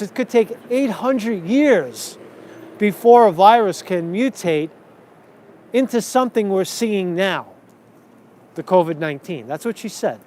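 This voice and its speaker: Rambling high-voiced man on a street walk. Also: a little mellow. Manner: rambling, repeats himself, talks while walking. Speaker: vlogger. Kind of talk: walk-and-talk street vlog. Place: outdoors on empty city streets. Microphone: handheld camera while walking. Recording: faint street noise outdoors.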